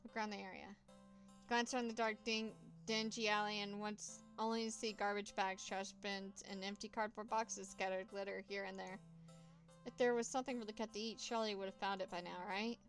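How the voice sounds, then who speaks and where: A woman reading a horror text game aloud, voicing the cat's meows and the mouse's squeaks herself, with nervous asides between choices. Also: level tone, faint music behind. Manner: reads with dramatic pauses and nervous asides. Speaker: gameplay narrator.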